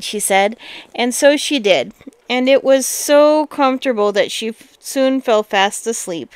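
A storyteller reads a fairy tale aloud at a measured pace, her smooth, fairly high voice expressive and breaking into lively exclamations now and then. The recording is close and dry.

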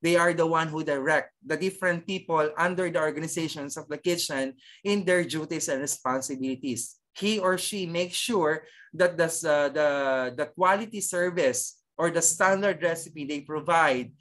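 A Filipino-accented teacher lectures an online cookery class, moving between English and Tagalog. The delivery is halting and full of fillers and restarts, with nearly every phrase opened by "okay" or closed by "no?". The pitch sits in an ordinary middle range. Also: fairly bright tone.

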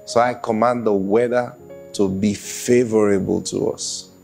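Slow-preaching man. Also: fairly low pitch, creaky, faint music behind. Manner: lively preaching with laughs and acted-out quotes. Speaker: pastor. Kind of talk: sermon.

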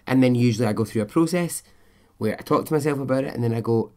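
A middle-aged man hosts a casual podcast monologue, his mid-range voice brisk and darkish in tone. He talks in a candid, chatty way, often questioning himself.

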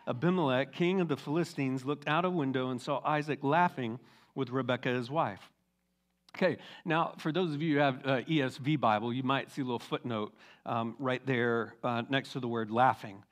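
A middle-aged man, a teaching pastor, retelling a Bible story in a casual, animated sermon full of asides. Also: mid-range voice.

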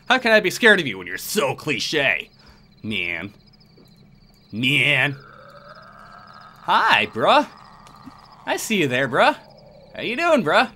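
A man's voice: sits high, sharp tone, a little hiss or hum. A man playing a horror game, giving casual commentary with sarcastic, muttered asides. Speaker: let's play gamer.

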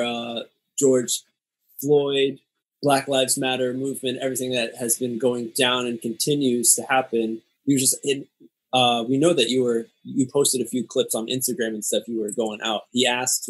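Husky-voiced male podcast host. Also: medium pitch. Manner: relaxed and halting, with fillers. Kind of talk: casual chat, reading listener questions.

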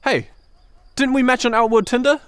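Guy playing a keen awkward fighter, real high voice, dry sound. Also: steady tone, moderate pace, a bit bright, clean tone, no room sound. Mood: eager. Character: eager awkward young male fighter. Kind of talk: comedic fan-film acting.

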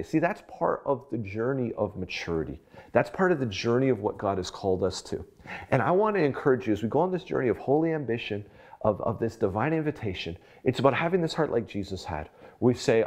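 A man's voice: mid-range voice, expressive, quick pace, darkish tone. A middle-aged man, a pastor, giving a conversational devotional sermon with personal stories and acted-out quotes. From Canada. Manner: conversational, storytelling, acts out quoted voices.

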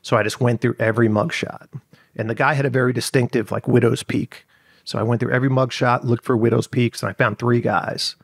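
A man with a gravelly, fry-edged voice recounts events as a podcast guest, circling back with fillers and restarts. The sound is dry and close, with little room around it. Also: medium pitch, fairly even intonation, brisk, dry recording. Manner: rambling, lots of fillers and restarts. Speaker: journalist guest. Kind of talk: conversational storytelling.

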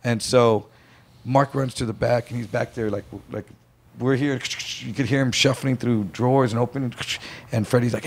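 A man's voice: medium pitch, steady tone, moderate pace, vocal fry, slightly rough. A man telling a story on a casual podcast, acting out the voices of the people in it. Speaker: podcast guest.

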